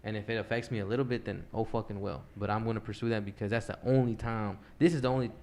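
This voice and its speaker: A man's voice: on the low side, steady tone, fast talker, darkish tone. A young man hosting a podcast, talking earnestly in a rambling way and swearing freely. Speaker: podcast host. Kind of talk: casual chat.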